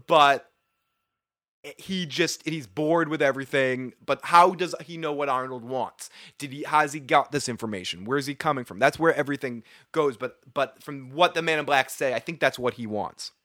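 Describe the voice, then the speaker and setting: A man's voice: mid-range voice, moderate pace, bright, forceful tone, no echo, studio quality. A young man from Boston with a Boston accent, hosting a casual live recap chat, rambling and swearing freely with frequent laughs. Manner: profane, rambling, laughs often. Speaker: livestream show host.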